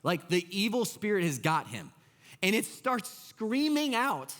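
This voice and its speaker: A man in his thirties, a pastor preaching a sermon in an excitable, conversational way and talking straight to the congregation. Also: high voice, measured pace. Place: church sanctuary. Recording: long church hall reverb.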